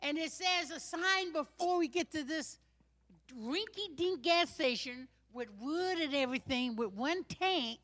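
Chicago woman guest, dramatic storyteller; bright tone, dry close sound. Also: high voice, measured pace, dry recording. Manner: animated, dramatic storytelling with repetitions. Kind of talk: casual storytelling.

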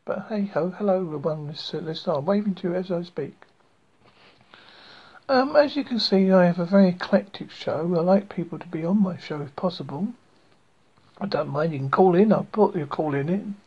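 A man from Essex, England, hosting a small community radio show, rambling along in a chatty, self-deprecating way. His voice is husky and breathy. The recording sounds dull and lo-fi. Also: sits high, expressive, moderate pace. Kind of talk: rambling casual radio chat.

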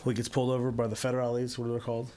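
A man's voice: medium pitch, completely flat delivery, racing, warm tone, a little hiss or hum. A man co-hosting a podcast, telling a crude story in a rambling, filler-heavy way. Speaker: podcast co-host. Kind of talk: casual storytelling chat.

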